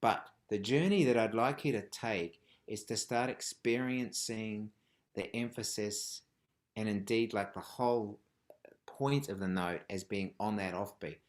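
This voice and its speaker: A man teaching a live online rhythm workshop, chanting rhythmic words and dropping from loud calls to whispers. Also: lowish voice, unhurried. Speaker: music teacher. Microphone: video call.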